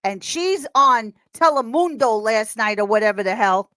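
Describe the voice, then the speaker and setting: A woman as a podcast guest in casual chat, talking in an animated, rambling way and laughing often. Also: a little high, normal speed, dry recording.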